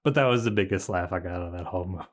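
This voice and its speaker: A man's voice: low-pitched, racing. A man co-hosting a podcast in a late-night chat, a little tipsy from wine, laughing often as he rambles through stories. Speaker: podcast co-host.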